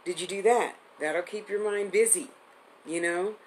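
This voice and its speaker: A psychic medium host in her fifties talks at a moderate pace in a voice on the low side. Slight background noise mars the low-quality recording. Her live-streamed reading rambles with restarts, chatty and affectionate.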